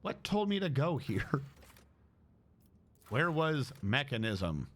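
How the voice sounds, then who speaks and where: Lively man streaming a game. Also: mid-range voice, extremely slow. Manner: chatty, thinks aloud and reads game text. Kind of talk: casual gaming commentary.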